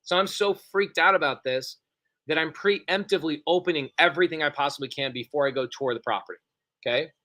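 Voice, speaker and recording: Man, middle-aged, excitable storyteller, fairly high voice, bright, repetitive bursts. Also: brisk. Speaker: podcast co-host. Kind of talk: animated storytelling.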